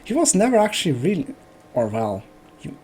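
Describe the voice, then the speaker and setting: A man's voice: high-pitched, wildly swooping pitch, fairly quick, a little mellow, a little hiss or hum. A man streaming a video game, joking and thinking aloud as he plays. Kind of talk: casual let's play commentary.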